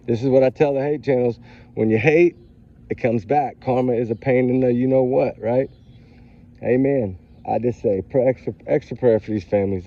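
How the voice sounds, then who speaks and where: A man's voice: mid-range voice, brisk. Man, upset, preachy, casual vlog, outdoors, phone mic, dull audio. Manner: upset, preachy, Southern-style y'all talk. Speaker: true crime vlogger. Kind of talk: emotional casual vlog talk. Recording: dull lo-fi phone audio with faint street noise.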